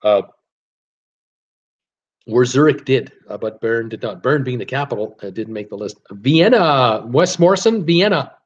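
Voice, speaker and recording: A man hosts a casual online trivia quiz, reading out viewers' answers in a chatty, easygoing way full of ums and uhs. His voice sits at an ordinary middle pitch. The audio is a bit dull and lo-fi, like a home live stream. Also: lively intonation, unhurried. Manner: chatty, filler-heavy, chuckles at his own jokes.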